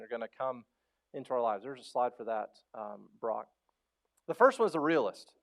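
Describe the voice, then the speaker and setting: A man preaching a sermon as pastor, animated and conversational, acting out voices and asking the congregation questions. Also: medium pitch. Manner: animated storytelling, acts out quoted voices; conversational, asks the crowd questions.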